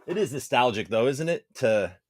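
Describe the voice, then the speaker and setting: A man hosting a casual livestream, reading out viewer comments and chatting loosely with shout-outs. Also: medium pitch, animated, normal speed. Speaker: livestream host. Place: home basement.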